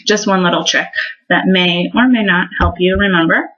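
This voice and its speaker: A woman's voice: on the low side, moderate pace, fairly bright tone, muffled recording. A woman explaining verb endings in a recorded language lesson, friendly and patient, with frequent ums. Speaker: Spanish teacher.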